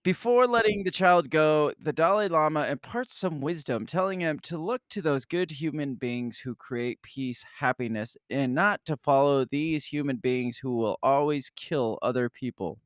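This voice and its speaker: A male podcast co-host reading news stories aloud and adding wry, hesitant comments. His voice is on the higher side for a man. It is recorded dry on a close mic. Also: expressive, normal speed, few pauses, clear, resonant tone, no room sound.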